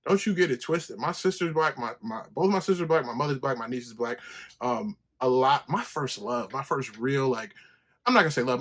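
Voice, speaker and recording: A man hosting his own podcast, telling a story in a loose, profane monologue and jumping high when he quotes himself. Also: a bit bright, slightly rough. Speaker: podcast host. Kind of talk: casual solo podcast monologue.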